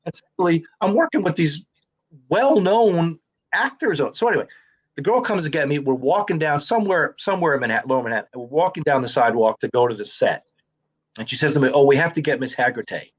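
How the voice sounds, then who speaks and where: Ny guy, actor telling set stories, kinda high voice, acts out all the quotes. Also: quick pace, breathy edge. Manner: animated storyteller who acts out quoted dialogue. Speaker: actor and comedian guest. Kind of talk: casual storytelling in conversation.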